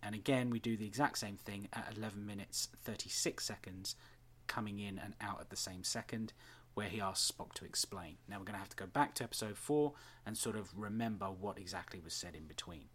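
A man giving chatty, scene-by-scene commentary on a TV episode. He often pauses with fillers as he talks. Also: lowish voice, fairly bright tone, husky. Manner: chatty, halting with many fillers. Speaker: episode reviewer.

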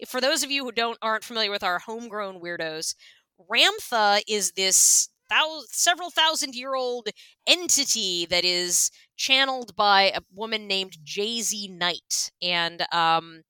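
Woman podcast co-host, lively swooping pitch, bright, dry close mic, acts out voices in a story. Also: a little slow, clear, resonant tone, dry recording. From Washington state, US. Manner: animated, acts out voices in quotes, many fillers. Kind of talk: casual storytelling chat.

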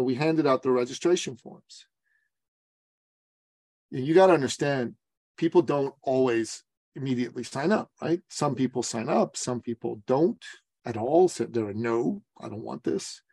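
A man in his forties tells a story as a podcast guest, in the easy manner of a business coach. He is lively and acts out other people's lines as he goes. His voice sits at a middle pitch, and the recording is dry with no room sound. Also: no room sound.

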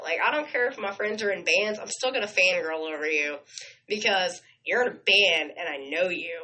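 A chatty woman co-host, her voice crisp and bright as she rushes through fan stories on air. She sounds gushing and animated, talking in casual radio chat. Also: mid-range voice, low-quality recording.

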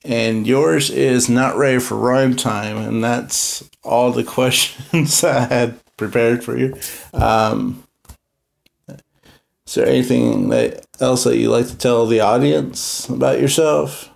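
Gravelly-voiced easygoing male host. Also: mid-range voice, fairly even intonation, takes it slowly. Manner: easygoing, asks questions with fillers. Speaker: podcast host. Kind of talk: casual interview chat.

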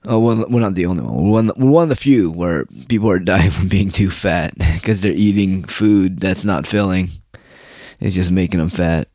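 A man's voice: low-pitched, moderate pace, warm tone, no echo, studio quality. A young man from the United States delivering a rambling, profane, mocking monologue in casual chat.

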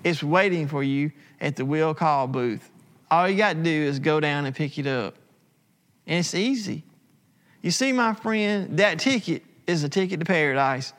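A man preaching a sermon, emphatic and repetitive, slowing for dramatic pauses. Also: on the high side, expressive, fairly bright tone. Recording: long hall reverb.

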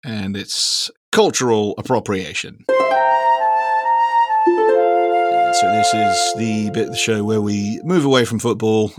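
A man co-hosting a podcast, talking in a rambling, casual way and swearing now and then. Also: on the low side. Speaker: podcast co-host. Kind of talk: casual chat.

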